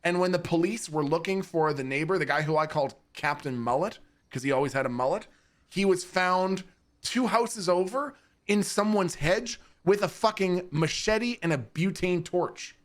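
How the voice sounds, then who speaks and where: Animated, profane man telling stories. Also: sits high, normal speed. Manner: animated, profane, laughing between lines. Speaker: streamer. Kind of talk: casual storytelling to chat. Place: home streaming setup.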